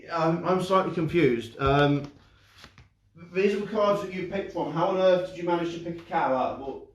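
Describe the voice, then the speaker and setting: A man's voice: a little high, normal speed, highs cut off, a little hiss or hum. A young man doing a live magic show for kids, chatty and upbeat, joking at his own expense with plenty of fillers and restarts. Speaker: children's entertainer and magician. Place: indoor room, live stream. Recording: very echoey room, far from the mic.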